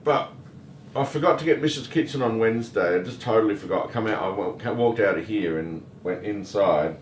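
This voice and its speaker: A man's voice: fairly low pitch, a little fast. A man co-hosting a casual livestream, greeting viewers by name and teasing his co-host. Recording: echoey room, mic far off, faint noise.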